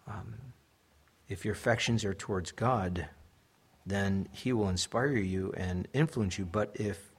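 Husky-voiced man preaching a sermon. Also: on the low side. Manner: earnest preaching, rising to emphatic peaks. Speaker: pastor.

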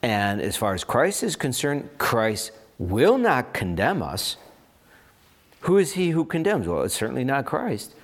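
Animated man preaching a sermon. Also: medium pitch, a little slow. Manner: animated, expressive preaching with voiced asides and rhetorical questions. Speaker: pastor.

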